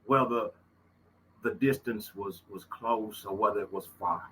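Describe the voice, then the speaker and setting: A man's voice: fairly low pitch, a little slow, sharp tone, a little hiss or hum, rough recording. A middle-aged man with a Southern Louisiana accent tells stories in a casual monologue, folksy and emphatic, and he repeats his phrases. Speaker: host.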